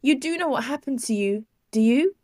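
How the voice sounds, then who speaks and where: A woman reads as an anxious, self-blaming sister who is close to tears, her voice pitched well above the narrator's and pushed louder. She pleads and apologizes, and the recording is close and dry. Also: moderate pace, no echo. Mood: tearful apology. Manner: pleading, high and loud. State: near tears. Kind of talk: audiobook character reading.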